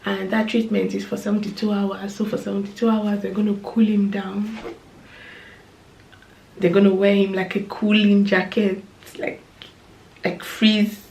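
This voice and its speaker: Female vlogger, slow, emotional storytelling, roomy sound. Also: mid-range voice, flat delivery, creaky, a little hiss or hum. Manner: emotional, slow, drops to soft whispers. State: tearful. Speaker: vlogger, new mother. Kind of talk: storytime vlog.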